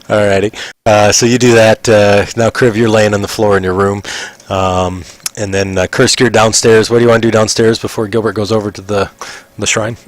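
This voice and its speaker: A man narrating a tabletop game as game master, halting and full of fillers. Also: lowish voice, little pitch movement, no room sound.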